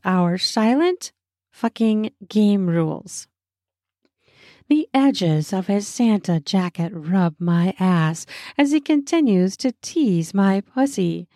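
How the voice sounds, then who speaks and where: A woman narrating a first-person erotic audio story in a breathy, intimate voice. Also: mid-range voice, no echo, studio quality. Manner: breathy and intimate, slipping into soft moans.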